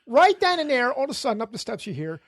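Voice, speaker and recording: A man who is a podcast guest telling a long story in a casual way. He is animated, acts out the people in his story and laughs often. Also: extremely high pitch, fast, no room sound.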